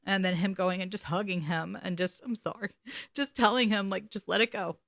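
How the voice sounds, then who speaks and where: Bright-voiced woman recapping TV. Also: mid-range voice, moderate pace, no echo, clean studio sound. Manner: emotional, swearing, animated retelling. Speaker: podcast co-host. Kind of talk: casual recap chat.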